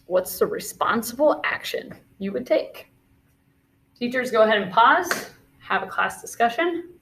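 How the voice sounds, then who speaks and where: A woman's voice: a little high, expressive, measured pace, fairly bright tone, a little hiss or hum. A woman teacher leading a classroom video lesson, talking through scenarios and calling out movement commands in an encouraging way.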